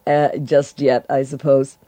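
A woman's voice: a bass voice, little pitch movement, measured pace, no echo. An older woman being interviewed, telling stories of her acting career with laughter. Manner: warm storytelling with laughs. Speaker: interviewee, actress. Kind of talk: interview recollection.

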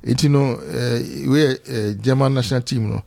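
A man hosting a relaxed sports talk radio show, often answering with short backchannel replies. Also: medium pitch, normal speed, gravelly, dry recording. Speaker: radio host.

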